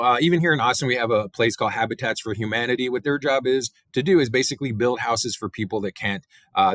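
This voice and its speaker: A male teacher giving a relaxed biology lecture, talking through slides with many fillers and "right?" tags. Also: medium pitch, no echo. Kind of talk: recorded classroom lecture.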